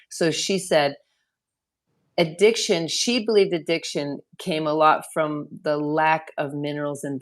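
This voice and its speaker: A woman who directs a wellness center, talking earnestly in an interview, often repeating words as she rambles through a thought. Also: low-pitched. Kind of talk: conversational interview.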